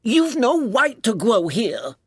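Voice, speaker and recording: A sulky little storybook dormouse grumbles in a squeaky, far higher voice. He drags out every word in a slow, peevish drawl. The recording is dry and close. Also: huge pitch swings, a bit bright, husky, no echo, heavily acted. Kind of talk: audiobook character voice.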